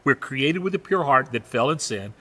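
A man preaching a sermon, emphatic and lively, slowing down for dramatic weight on key phrases. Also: mid-range voice. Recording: echoey hall reverb.

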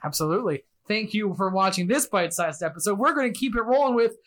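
A man co-hosts a casual podcast, joking around. His pitch swings a lot as he talks. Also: expressive, fast talker, a bit bright. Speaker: podcast co-host. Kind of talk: casual chat.

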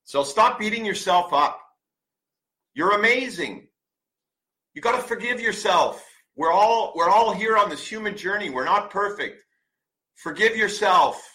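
A man in his forties preaches self-love with a tense, forceful edge. His voice sits a little higher than most men's. He talks bluntly, swears freely and hammers home his points by repeating them. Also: lively intonation, a little slow, low-quality recording. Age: 40s. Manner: emphatic, blunt, swears often; preachy, repeats commands for stress. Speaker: podcast host. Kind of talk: motivational monologue.

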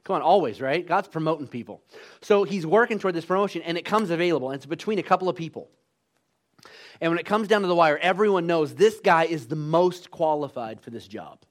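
Preacher, male, slightly high-pitched, lively and engaging with the congregation. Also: brisk. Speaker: pastor. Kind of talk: sermon.

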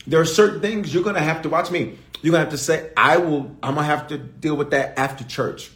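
A man's voice: fairly high pitch, a little fast, hardly any pauses, fairly bright tone, echoey room. A man preaching a sermon as pastor, emphatic, repeating key lines and calling out to his audience. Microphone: streamed online service.

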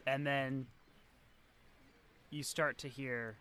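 Bright-voiced man running a tabletop game. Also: mid-range voice, fairly even intonation, drawn-out words, slight background noise. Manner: loose, filler-heavy descriptions. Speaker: game master.

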